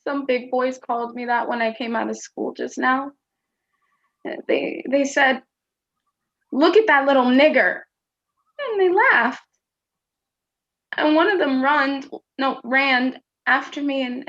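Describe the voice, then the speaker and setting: A woman's voice: high voice, slow, gravelly, long pauses, fairly bright tone, highs cut off, heavily acted. A woman playing a small, earnest young boy who asks plaintive, childlike questions in a stage play. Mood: hurt.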